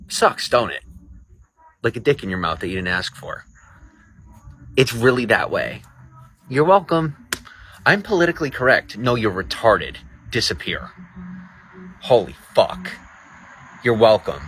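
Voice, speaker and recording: A deep-voiced man talks on a livestream in a crude, profane, fired-up way. There is a faint hum of noise behind him. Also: lively intonation, a little slow, long pauses, a bit bright. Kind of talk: casual livestream chat.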